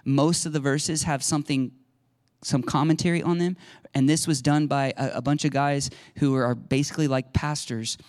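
A middle-aged male pastor preaching a conversational sermon that swings into loud, excited shouting. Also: a little high, moderate pace, dry recording.

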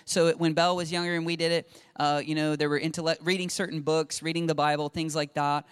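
A man's voice: on the high side, fast talker, clean tone. A man in his forties giving an informal, earnest sermon-style talk on faith and parenting, acting out quotes as he goes. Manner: earnest, lively, acts out quotes. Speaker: Christian speaker on parenting.

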